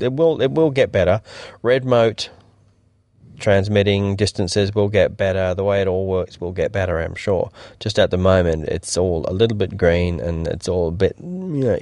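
Male co-host, low voice, dry close sound, chatty and halting, many "uh"s. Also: darkish tone, no room sound. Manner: rambling, hesitant, many fillers and restarts. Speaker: podcast co-host. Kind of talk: casual tech chat.

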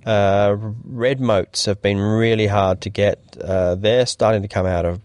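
A man's voice: lowish voice, fairly even intonation, unhurried, a little mellow, smooth, no echo. A man co-hosting a casual tech podcast, rambling with many fillers and restarts. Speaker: podcast co-host.

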